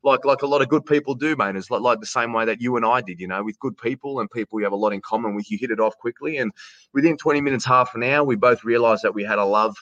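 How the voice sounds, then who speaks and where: A man's voice: mid-range voice, fast talker, fairly bright tone, dry recording, muffled recording. A man with an Australian accent, a ring announcer telling stories in a casual interview, chatty, often restarting and calling the host "mate".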